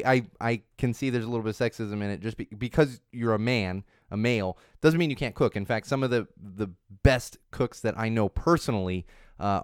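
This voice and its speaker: A man in his thirties hosting a casual talk segment, rambling along and correcting himself as he goes. His voice sits a little low and comes through smooth and clear. The sound is dry and close, with no room echo. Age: 30s. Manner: chatty, rambling, self-correcting with frequent restarts. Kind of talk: casual chat on social trends.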